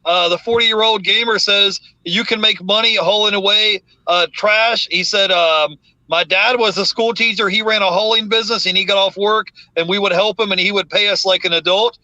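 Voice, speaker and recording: A man's voice: high voice, steady tone, normal speed, sharp tone, dry recording. A man hosting a live stream, reading viewer comments aloud in a laid-back way. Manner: reads chat messages aloud, laid-back.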